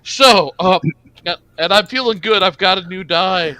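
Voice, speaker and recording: High-voiced game master man. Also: normal speed, bright, forceful tone, clear, resonant tone. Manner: loose, profane and joking. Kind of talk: narrating a tabletop game.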